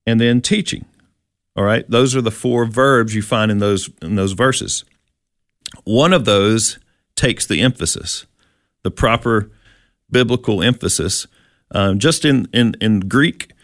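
A man's voice: medium pitch, no room sound. Man, Bible teacher, conversational, explains verse by verse, asks questions, dry sound. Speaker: Bible study co-host.

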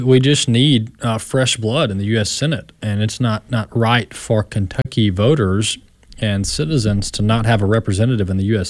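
A man's voice: lowish voice, no room sound. A man hosting a talk radio show, speaking in a conversational way with some fillers. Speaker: radio host.

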